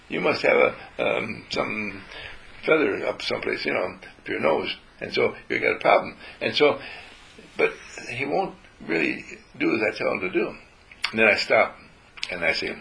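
Gravelly, bright-voiced man giving spiritual talk. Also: medium pitch, very animated, measured pace, long pauses, low-quality recording. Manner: gentle, storytelling, acts out talks with his dog.

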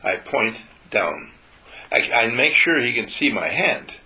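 A man giving a gentle spiritual talk to a group, telling stories and acting out how he talks to his dog. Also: mid-range voice, lively intonation, slow, low-quality recording.

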